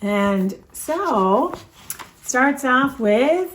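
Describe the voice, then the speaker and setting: A woman kindergarten teacher speaking gently and coaxingly to young children, with a sing-song lilt. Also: fairly high pitch, unhurried, roomy sound, a little hiss or hum. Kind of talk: teaching kids over video.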